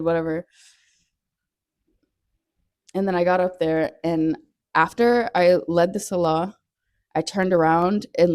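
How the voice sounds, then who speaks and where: Lower-pitched woman in a chatty, earnest monologue. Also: dark tone, dry recording, clean studio sound. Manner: earnest, chatty, heavy use of "like", laughs often. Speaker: podcast host. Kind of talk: personal storytelling monologue.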